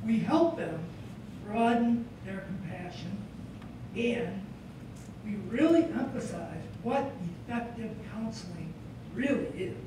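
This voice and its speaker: A man speaks as a psychology professor introducing a student award, earnest and telling a story. He sounds distant from the mic in a very reverberant hall, with a clear rumble of noise behind him. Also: slow. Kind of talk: ceremony presentation speech. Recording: echoey hall from far off, background rumble.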